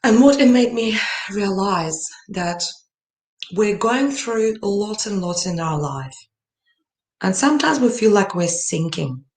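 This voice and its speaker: A woman's voice: mid-range voice, lively intonation, slow, darkish tone. A woman telling a personal story at a summit, earnestly and with many fillers. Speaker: summit speaker. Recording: echoey room.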